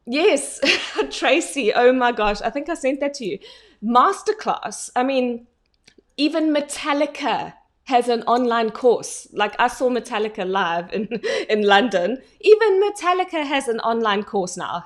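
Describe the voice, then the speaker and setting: Chatty woman coach giving live training. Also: fairly high pitch. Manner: chatty, laughs often, many fillers. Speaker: online business coach. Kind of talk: casual live online training.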